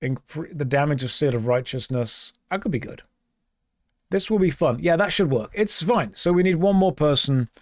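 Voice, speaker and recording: A man's voice: a little high, animated, normal speed, no room sound, studio quality. Playful man streaming a game. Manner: reads chat aloud and answers, playful and exasperated. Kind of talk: casual gaming stream chat.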